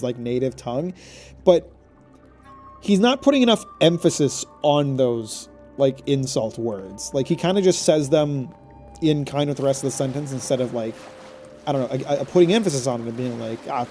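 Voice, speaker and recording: A male game streamer in loose, joking commentary, laughing and rambling as he plays. His voice is somewhat high but mellow. Faint game music plays behind him. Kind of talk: casual gameplay commentary.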